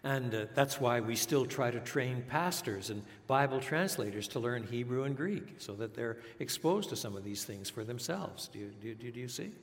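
A man's voice: medium pitch, animated, moderate pace, hardly any pauses. An older man from French Canada, raised speaking English and French, preaching a teacherly sermon with rhetorical questions and repeated words. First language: bilingual English and French. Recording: long reverb of a large hall.

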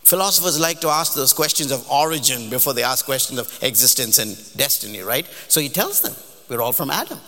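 A man preacher delivering a sermon with animated, emphatic storytelling in a large church hall. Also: medium pitch, fairly quick, few pauses. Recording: long hall reverb.

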